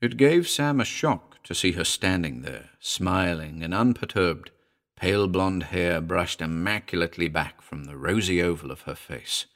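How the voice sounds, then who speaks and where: A man narrating a short horror story in a dramatic reading, moving between hushed and urgent delivery. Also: low voice, animated, moderate pace.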